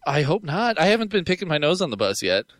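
A man telling stories on a podcast in a loose, chatty way, laughing often. His pitch rises and falls a lot as he talks. The sound is dry, close to the mic. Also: big pitch swings, fast, fairly bright tone, no room sound. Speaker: podcast co-host. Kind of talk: casual podcast chat.

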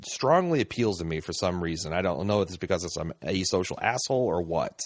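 Low-voiced rambling podcast host. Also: male voice, expressive, brisk, no room sound. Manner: rambling, chuckling, pompous senator parody. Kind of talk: casual chat.

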